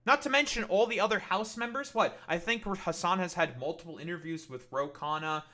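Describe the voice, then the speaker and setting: A man's voice: high voice, fairly quick, bright, forceful tone. Heated, profane male streamer. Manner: sarcastic, mocking. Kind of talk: live-stream rant at chat.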